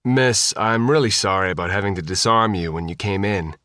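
Narrator as an apologetic security guard, quiet and conspiratorial, audiobook. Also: male voice, on the low side, brisk, no room sound, studio quality.

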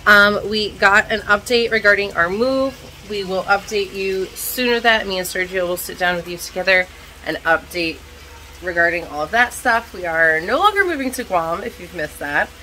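A woman with a scratchy, hoarse voice chatting casually in a vlog, telling a story in an animated way while cooking at home. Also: medium pitch, normal speed. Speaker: vlogger, stay-at-home mom.

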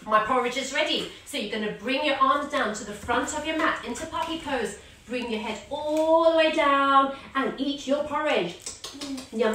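A woman guides children through a story-led yoga class, playful and sing-song, acting out animal sounds. Her voice is high and swoops up and down, bright and clear at an unhurried pace. It rings through a very echoey room, heard from a few steps back from the mic. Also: distant mic, slight background noise. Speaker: kids yoga teacher.

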